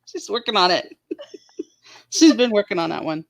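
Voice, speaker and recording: A woman's voice: medium pitch, big pitch swings, moderate pace, gravelly. A woman co-hosting a casual livestream chat, reading viewer comments and often dissolving into giggles. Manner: giggly, breaks into laughing fits. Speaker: co-host of a livestream chat show.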